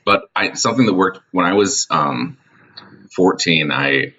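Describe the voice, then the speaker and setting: Man, comedy podcast co-host, rambling casual chat, deep bright voice, dull lo-fi sound. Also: lively intonation, a little slow. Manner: rambling, full of "like".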